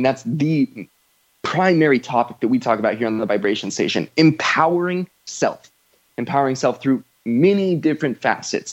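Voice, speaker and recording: A man's voice: medium pitch, dull audio. A man hosting a podcast in casual conversation, talking earnestly and rambling, with frequent fillers and affirmations. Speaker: podcast host.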